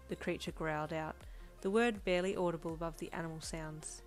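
Calm woman narrating a fan story. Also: low-pitched, a little fast. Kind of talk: fan fiction audio reading. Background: soft backing music.

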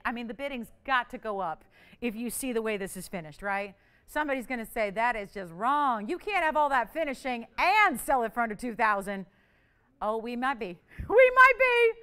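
A bubbly woman hosts a live televised jewelry auction, chatting and teasing her crew between calls for bids. Her voice sits high and bright, swinging widely in pitch. It comes across smooth and clear. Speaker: jewelry shopping host. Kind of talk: live TV shopping auction patter.

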